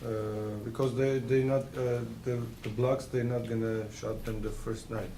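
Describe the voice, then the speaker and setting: A man speaking halting, hesitant non-native English as a player at a tournament game. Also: mid-range voice, flat delivery. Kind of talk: game table speech. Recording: echoey noisy room.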